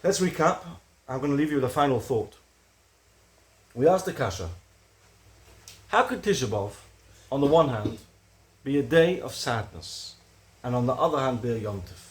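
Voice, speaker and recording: A man giving a recorded religious lecture, earnest and building to animated emphasis on key points. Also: medium pitch, normal speed, long pauses. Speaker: Torah teacher.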